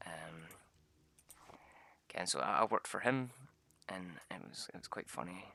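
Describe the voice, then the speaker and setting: A man's voice: low voice, expressive, normal speed, vocal fry, pushed and bright. A young man, rambling through tabletop game stories, swearing and laughing often. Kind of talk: casual chat.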